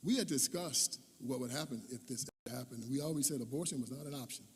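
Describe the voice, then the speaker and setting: Husky-voiced man telling a story in a hall. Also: medium pitch, quick pace. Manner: animated, dramatic storyteller. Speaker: guest speaker. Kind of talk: personal storytelling speech. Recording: echoey hall.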